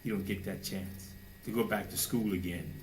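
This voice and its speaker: A man preaching a sermon with fervor, firing rhetorical questions and now and then mocking people in a high, put-on voice. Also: fairly even intonation, moderate pace, slight background noise, low-quality recording.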